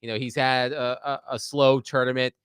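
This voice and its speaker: A man's voice: medium pitch, level tone, normal speed, fairly bright tone, clear, resonant tone, no room sound, studio quality. A man hosting a sports talk show, steadily moderating the panel's picks.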